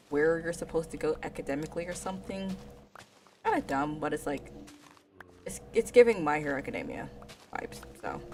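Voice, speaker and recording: A woman streamer casually retelling an anime story while playing, rambling with slang and asides. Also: low voice. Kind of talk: casual gaming stream chat.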